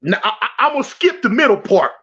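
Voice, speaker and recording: A man from South Central Los spins a prison story in slang, repeating himself and acting out each quote. His voice sits very high. The recording sounds dull and lo-fi. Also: big pitch swings, fast, bright, forceful tone, slightly rough. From South Central Los Angeles. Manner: acts out quotes, repeats and restarts phrases, slangy. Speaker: guest telling a prison story. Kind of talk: animated storytelling.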